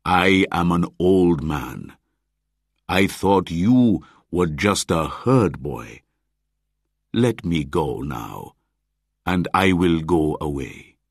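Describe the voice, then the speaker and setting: A man doing an older village hunter, greedy, gruff, loud, low husky voice, storybook. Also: lively intonation, extremely slow, dry recording, clean studio sound, heavily acted. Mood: pleading.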